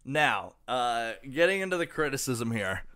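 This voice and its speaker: A man's voice: medium pitch, sing-song, moderate pace, sharp tone, smooth, no echo. A young man co-hosting a casual album review podcast, swearing a lot and rambling with fillers. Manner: profane, rambling, lots of fillers. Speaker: podcast co-host.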